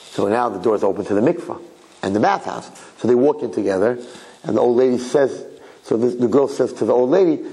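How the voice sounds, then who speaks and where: A rabbi gives a Torah talk, telling a religious story conversationally while asking rhetorical questions and repeating phrases. His male voice is lowish, brisk, and mellow, on a low-quality recording.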